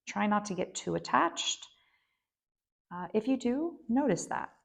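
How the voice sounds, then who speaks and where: A woman guiding a yoga nidra meditation in a gentle, unhurried way, with soft asides and frequent fillers. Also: mid-range voice, sing-song, vocal fry. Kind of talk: guided meditation instruction.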